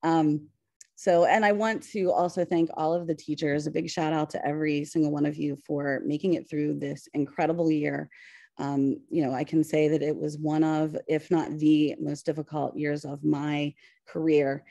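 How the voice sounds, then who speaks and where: A woman's voice: sits low, flat delivery, moderate pace, creaky, mellow, no echo. Hesitant woman with a Pittsburgh accent. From western Pennsylvania. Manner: hesitant, many fillers, nervous laughs. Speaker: high school English teacher presenting. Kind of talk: webinar presentation. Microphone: video call.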